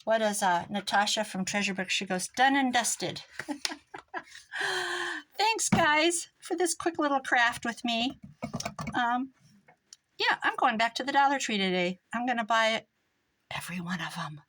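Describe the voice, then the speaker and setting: A woman's voice: a little high, lively intonation, moderate pace, a bit bright. An older woman hosting a crafting tutorial, chatty and rambling, mocking herself and laughing often. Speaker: crafting video host.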